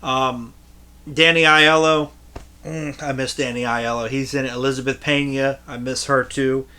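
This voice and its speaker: A man's voice: mid-range voice, steady tone, moderate pace, bright, forceful tone, clean tone. A man in his thirties rambling through his movie collection in a casual, crude, profane way, laughing at his own jokes.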